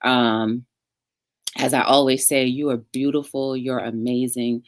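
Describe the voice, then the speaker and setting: A woman hosting a casual online interview show, speaking in an encouraging, unhurried way with plenty of "um"s. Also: extremely low pitch, fairly even intonation, dry recording, clean studio sound. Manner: encouraging, filler-heavy, drawn-out phrasing. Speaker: talk show host.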